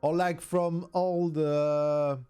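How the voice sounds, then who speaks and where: Streamer, man, southern French accent, native French speaker, slightly high voice, halting casual English, faint music behind. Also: level tone, warm tone, smooth. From southern France. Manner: halting English, searching for words. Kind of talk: casual chat.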